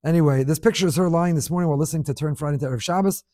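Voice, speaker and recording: Rapid-fire and fairly high yet mellow and dark in tone, a middle-aged man leads a Torah class, sharing listener emails with animated emphasis and weaving in Hebrew words. The recording is dry and close, with no echo.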